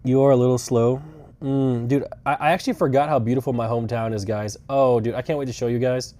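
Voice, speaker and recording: Here a young man's mid-range voice stays steady and warm while he talks quickly. He's in a rental car on a road trip, live-streaming a loose, rambling chat full of swearing and dry, sarcastic remarks.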